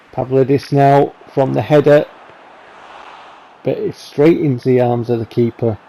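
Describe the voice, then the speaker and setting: A man giving chatty voice-over commentary on football game highlights, rambling with self-mocking asides and lively calls on the big chances. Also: low-quality recording. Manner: excited calls on goals and near misses. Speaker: gaming channel host. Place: recorded voice-over while editing.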